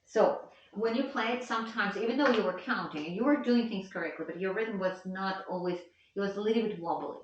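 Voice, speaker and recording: A woman's voice: mid-range voice, brisk, a little hiss or hum. A woman giving a one-on-one piano lesson, explaining patiently and counting the beats aloud. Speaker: piano teacher. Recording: echoey, distant, dull lo-fi sound with piano. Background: piano playing.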